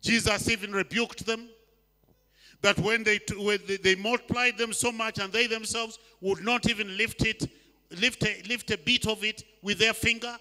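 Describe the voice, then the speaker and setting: An older man from Uganda preaches in a church hall, his voice high and strikingly bright. He moves between loud, urgent appeals and hushed, slow lines. A long reverb trails each phrase. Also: flat delivery. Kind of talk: sermon.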